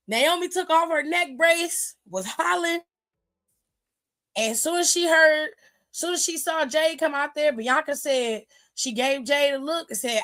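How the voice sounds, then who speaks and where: A woman host giving a sassy, gossipy recap of a wrestling show in casual chat, retelling it with lively energy. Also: high voice, moderate pace. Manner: sassy, gossipy, exclaims "child" often; animated retelling with lively quoted voices. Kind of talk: casual chatty commentary.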